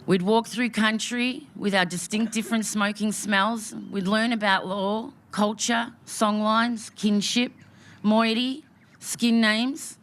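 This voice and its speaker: A woman's voice: medium pitch, steady tone, takes it slowly, fairly bright tone. Heartfelt Australian woman giving a ceremonial welcome. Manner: heartfelt, emotional, with rhythmic repeated phrases. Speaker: speaker giving a welcome to country.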